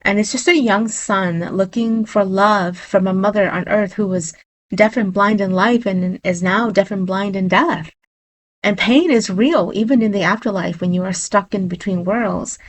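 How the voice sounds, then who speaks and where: A woman's voice: medium pitch, normal speed. A woman shaman earnestly recounting a spiritual experience in vivid detail. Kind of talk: personal storytelling.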